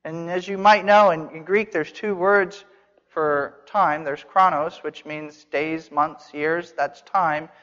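A man's voice: a little high, fairly even intonation, slow pace, fairly bright tone. A man preaching an expository sermon, earnest and emphatic, repeating phrases for stress. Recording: dull sound with long hall reverb.

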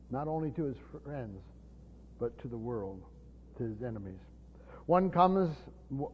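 A man preaching an unscripted Bible teaching in a church hall, halting and repeating words with many fillers. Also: medium pitch. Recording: long reverb, dull lo-fi sound.

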